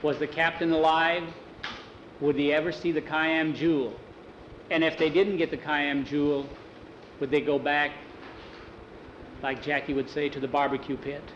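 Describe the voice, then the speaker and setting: A man's voice: fairly high pitch, flat delivery, moderate pace, long pauses, fairly bright tone, echoey room, dull audio, a little hiss or hum. A man telling an improvised adventure story aloud in a casual way, with restarts and many "he said"s. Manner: casual, repeats "he said", restarts words.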